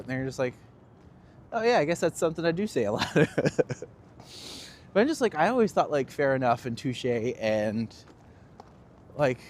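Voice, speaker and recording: A Canadian man who works as a tour guide streams live from the city streets, chatting casually and joking at his own expense in an animated way. He speaks at medium pitch into a handheld phone, with traffic behind him.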